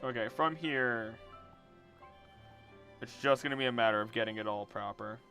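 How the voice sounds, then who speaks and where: A streamer and voice actor chats casually while drawing on a livestream, muttering to himself and swearing now and then. His medium-pitched voice has a sharp tone and normal speed, with faint music in the background.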